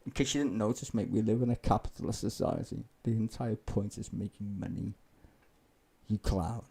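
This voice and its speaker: A man's voice: lowish voice, fairly even intonation, normal speed, creaky, warm tone, a little hiss or hum. A man live-streaming, ranting sarcastically and swearing as he reacts to a clip.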